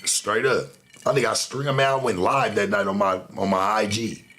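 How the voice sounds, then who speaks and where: A man's voice: on the low side, steady tone, moderate pace, sharp tone, a little hiss or hum. A man hosting a show, telling a story in a casual, profane monologue full of street slang. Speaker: show host.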